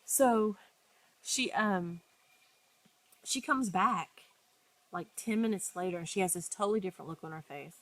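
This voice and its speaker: With a medium-pitched voice at normal speed and frequent pauses, a woman co-host tells a story in a casual chat, with no room sound. She keeps restarting her sentences and animatedly acts out people's quotes.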